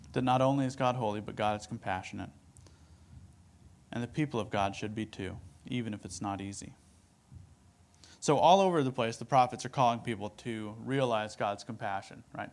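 Casual man teaching from scripture. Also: lowish voice. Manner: conversational, lots of "like" and "right?", reads verses aloud. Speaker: preacher.

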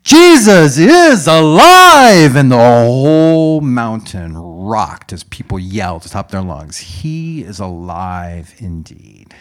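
A man with a low voice preaches a sermon framed as a dramatic story. He drops to hushed whispers, then rises to loud exclamations.

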